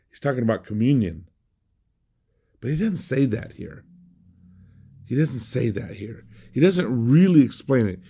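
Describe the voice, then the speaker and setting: A man's voice: medium pitch, mellow. A man preaching a conversational sermon as a pastor, emphatic and prone to repeating words.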